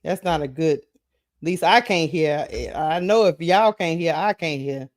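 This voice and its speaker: A man's voice: fairly high pitch, a little slow. A man hosting a live sports talk stream, chatting casually, greeting viewers by name and thinking aloud.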